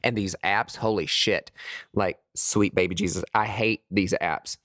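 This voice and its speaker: A man talking candidly to his viewers in a sassy, animated way, full of swearing and pet names, with sudden high squeals of disgust. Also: a little slow, no room sound, clean studio sound. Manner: very expressive pitch swings, high squeals of disgust. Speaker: vlogger sharing dating opinions.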